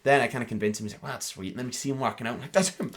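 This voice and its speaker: A young man co-hosting a podcast, telling a story in an animated way full of fillers. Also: mid-range voice, rapid-fire. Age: young adult. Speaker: podcast co-host. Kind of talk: casual chat.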